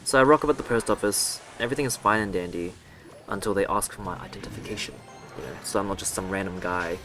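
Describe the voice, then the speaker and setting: A man's voice: deep voice, quick pace, over music. A young man telling a story in a casual, rambling way, breaking off for sarcastic gaming asides. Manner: rambling and self-mocking, with sarcastic asides and swearing. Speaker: gaming vlogger. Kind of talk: casual storytelling over gameplay commentary.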